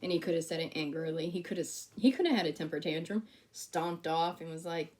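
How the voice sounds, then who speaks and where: A woman with a fairly low voice preaches a sermon in a church. She talks in a relaxed, conversational way, acting out remembered exchanges and laughing at herself now and then. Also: normal speed. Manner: conversational, storytelling with quoted dialogue.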